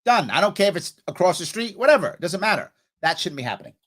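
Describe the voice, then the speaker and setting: A man's voice: high voice, big pitch swings, fast, a bit bright. A male show host giving heated, scolding political commentary in an impassioned, repetitive way.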